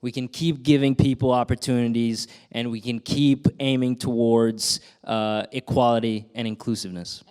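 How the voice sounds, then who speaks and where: A man speaking at a film press conference. His voice is clear and resonant, and his pitch sits in the middle. He sounds earnest and cheerful. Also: fairly even intonation, normal speed, hardly any pauses, darkish tone. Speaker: lead actor at a press conference.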